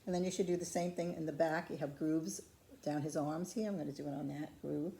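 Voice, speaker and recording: In a craft studio, a woman with a low voice talks a little quickly as she patiently shows ceramic painting step by step. She chats to the camera while working, her instruction calm, patient, and conversational.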